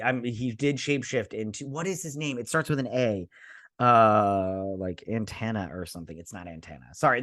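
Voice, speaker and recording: A man's voice: medium pitch, fairly bright tone, dry recording. Male host, casual rambling review, sarcastic asides, dry close sound, mid-range voice. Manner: rambling, sarcastic, acts out characters. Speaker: show host reviewing a TV episode.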